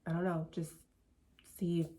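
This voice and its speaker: A woman's voice: lowish voice, flat delivery, normal speed, warm tone. A woman vlogger telling a personal story in a casual, chatty way, full of "like" and "you know".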